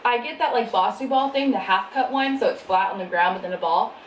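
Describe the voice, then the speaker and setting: A woman's voice: mid-range voice, fairly quick. Chatty woman vlogging in an echoey room. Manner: chatty, laughs often, talks between bites. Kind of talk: casual mukbang vlog, talking while eating. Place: home, indoors. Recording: echoey room, faint background noise.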